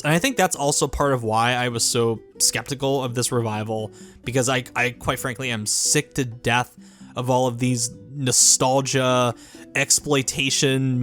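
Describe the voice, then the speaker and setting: A man's voice: medium pitch, a bit bright. A man giving a casual, earnest video review, talking in a rambling way with restarts and "like" fillers. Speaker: YouTube reviewer.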